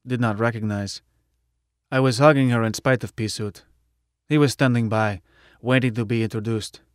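Man, first-person audiobook narration, middle pitch, dry close mic, matter-of-fact delivery. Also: fairly even intonation, normal speed, smooth, dry recording.

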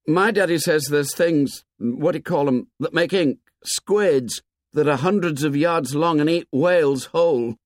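A man reading aloud, voicing a talkative young boy who rushes his words out eagerly. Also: on the high side, no room sound, clean studio sound, voice pushed up, close to an everyday voice. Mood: eager, chattering. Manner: rushed, breathless chatter. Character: chattering talkative schoolboy, eager and fast.

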